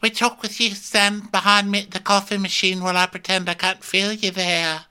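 A prim young woman, as a man puts her on, sugary and passive-aggressive, her voice pitched well above a man's own, sliding up on every question. She speaks slowly and lets each barb drip. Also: level tone, pushed and bright, clean tone. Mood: sarcastic. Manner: mock-sweet, passive-aggressive. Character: prim, sarcastic young woman crew member.

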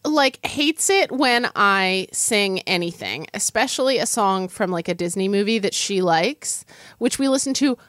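A woman in her thirties chatting casually while tasting food, animated and opinionated, with quick asides. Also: medium pitch, no room sound, studio quality.

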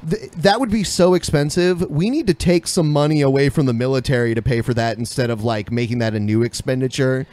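A man's voice: mid-range voice, fairly quick, hardly any pauses, a little mellow. A man co-hosting a podcast in casual, crude, jokey chat, reading out viewer comments. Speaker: podcast co-host.

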